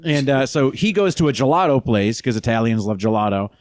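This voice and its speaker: A man's voice: medium pitch, animated, a little fast, a little mellow, no echo. Dry-voiced man spinning a rambling story. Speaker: podcast co-host. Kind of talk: casual chat.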